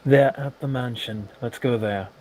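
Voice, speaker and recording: A man's voice: medium pitch, unhurried, a little mellow, low-quality recording. A man playing a tabletop game, talking in a matter-of-fact way. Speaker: player. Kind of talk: tabletop play. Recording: faint background noise.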